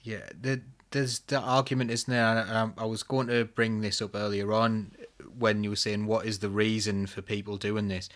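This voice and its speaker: A man's voice: fairly low pitch, little pitch movement, normal speed, few pauses, a bit bright. A man on a casual online panel, talking conversationally and hesitantly, with many fillers as he recalls something.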